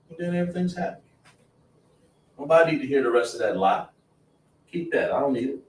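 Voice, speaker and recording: A man's voice: medium pitch, animated, fairly quick, long pauses. A man teaching a class in an emphatic, repetitive, scolding preaching manner, in an indoor classroom. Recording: roomy, distant mic, faint noise.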